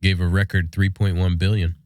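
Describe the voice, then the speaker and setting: Thirties male podcast co-host, congested nasal cold voice, low-pitched, dry close sound, rambling casual chat. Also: little pitch movement, a little fast, darkish tone, no echo. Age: 30s. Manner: easygoing, rambling with fillers. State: stuffy nose from a cold. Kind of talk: casual chat and read sponsor ads.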